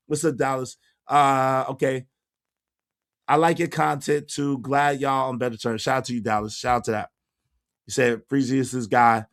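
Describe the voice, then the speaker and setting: A hoarse man, hosting a casual livestream and shouting out his viewers by name. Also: medium pitch, flat delivery, normal speed. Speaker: livestream host reading chat.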